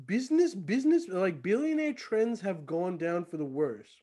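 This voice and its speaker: Giggly male co-host with a high voice, rambling casual talk. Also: animated, normal speed, mellow. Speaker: podcast co-host. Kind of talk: casual chat.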